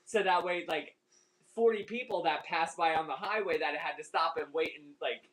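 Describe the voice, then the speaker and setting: Man, casual storyteller; laughs through the story, curses often, slightly high voice. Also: normal speed, fairly bright tone, rough recording. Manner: laughing storyteller, swears a lot. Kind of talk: casual chat.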